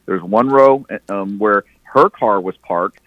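A man's voice: on the low side, takes it slowly, fairly bright tone, no echo, muffled recording. A man guest on a podcast telling a long story casually, profane and restarting often.

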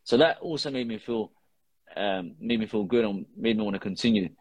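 A man's voice: on the low side, a little fast, darkish tone, no echo. A man telling an earnest personal story in a casual podcast conversation, with Arabic religious phrases woven into his talk. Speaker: guest, father who posts videos with his daughter.

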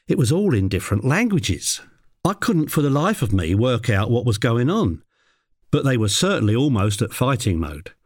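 A man recalling a work story in a dry, wry storytelling manner. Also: no room sound. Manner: mimics a parrot in a high voice. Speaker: animal handler telling a story. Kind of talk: personal anecdote narration.

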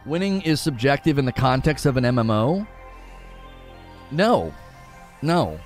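A man's voice: medium pitch, animated, a little slow, soft background music. A man ranting in a sarcastic, argumentative way, as a streamer answering his chat. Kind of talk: ranting commentary.

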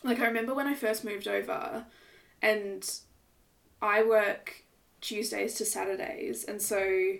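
A woman co-hosting a podcast in casual chat, reflecting slowly and searching for her words. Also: mid-range voice, fairly even intonation, creaky, recorded from a distance. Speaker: podcast co-host.

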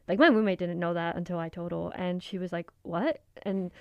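A young woman with a mild speech impediment who tends to talk fast. She reads her own essay, then answers questions casually with fillers. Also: on the low side, steady tone, vocal fry, clear, resonant tone, no room sound, highs cut off. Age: young adult. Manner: quick-talking, with frequent fillers in conversation. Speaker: student writer and guest.

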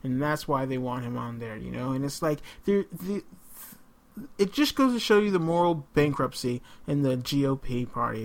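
A man in casual political chat, indignant and swearing, rising to loud outbursts. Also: a little high.

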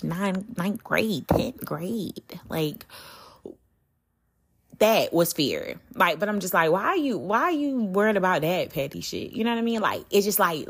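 A woman's voice: fairly low pitch, breathy edge. A young adult woman hosting her own podcast. She talks candidly in slang, curses often and speaks straight to her listeners. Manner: candid, slangy and animated, with frequent cursing. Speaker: podcast host. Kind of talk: casual solo podcast talk.

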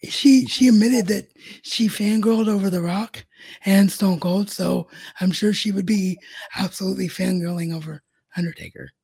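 A woman co-hosting a casual chat over a remote call, with a gravelly, husky voice. She is agreeable, often chiming in to agree, and steers the conversation back on track. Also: mid-range voice, normal speed, mellow. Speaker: podcast co-host.

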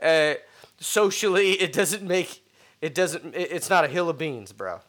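Speaking at a measured pace, this male podcast co-host has a somewhat high, slightly bright voice full of animation. His talk is blunt and sweary, and he stumbles on repeated words at the start of sentences in the casual show.

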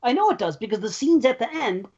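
A speaker gives blunt, forceful opinions in a casual chat about a film, swearing often. The voice sits at an ordinary pitch. The audio is slightly dull. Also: sing-song, fast talker.

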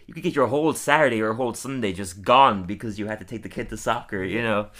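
A man's voice: fairly low pitch, fast, sharp tone. Chatty young man recapping an episode. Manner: chatty, laughs often, acts out quoted lines. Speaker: podcast co-host. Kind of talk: casual review chat.

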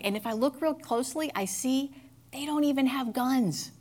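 A woman's voice: high-pitched, darkish tone. Earnest woman speaking candidly. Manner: confessional, earnest, halting with fillers. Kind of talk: candid personal talk.

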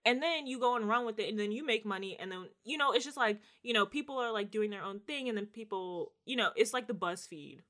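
Young DC-woman co-host, bright edge, blunt and opinionated, casual slangy chat. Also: mid-range voice, brisk, few pauses. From DC–Maryland–Virginia area. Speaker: podcast co-host.

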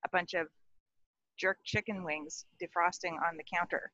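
A woman's voice: on the low side, fairly even intonation, moderate pace, bright, forceful tone, no echo, highs cut off. A woman co-hosting a podcast over a video call, chatty and rambling. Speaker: podcast co-host. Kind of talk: casual chat.

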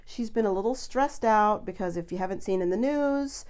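A woman's voice: mid-range voice, moderate pace, a little mellow. Chatty woman podcast host. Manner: chatty storyteller, laughs often. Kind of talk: casual chat.

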